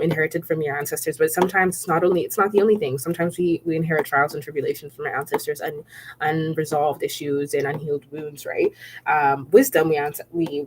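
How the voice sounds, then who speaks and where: A chatty woman with a fairly low voice gives a casual, spiritual tarot reading, with a little hiss or hum in the background. As the tarot reader, she repeats herself a lot, keeps checking in with "okay?" and "right?", and laughs often as she talks.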